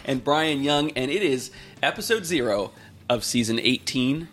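A man's voice: mid-range voice, expressive, measured pace, fairly bright tone. A man hosting a tech podcast, talking in a chatty, joking way. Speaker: podcast host. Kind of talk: casual tech podcast chat.

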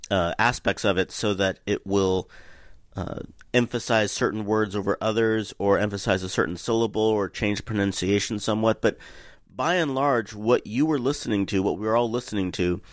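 A man co-hosting a tech podcast, explaining things in a halting way with fillers. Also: fairly low pitch, no echo. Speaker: podcast co-host. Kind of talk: casual tech podcast chat.

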